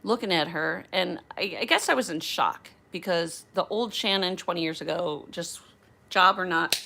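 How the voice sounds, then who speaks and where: A woman's voice: on the low side, normal speed, vocal fry, pushed and bright, slight background noise. A woman from outside Philadelphia, a flight attendant who hosts her own channel, tells a story casually and animatedly and acts out the dialogue.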